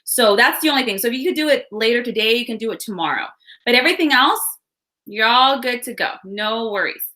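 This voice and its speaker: A woman's voice: fairly high pitch, lively intonation, a little fast, pushed and bright. A woman hosting a live online workshop, chatting upbeat with viewers and greeting them by where they're from. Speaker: workshop host. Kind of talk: live webinar chat. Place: home room with window.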